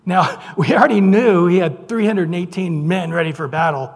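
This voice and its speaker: Husky-voiced preacher in a reverberant hall. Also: male voice, high voice. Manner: conversational, joking, reads scripture slowly and emphatically. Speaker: pastor. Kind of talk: sermon with humorous asides. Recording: long reverb in a large hall.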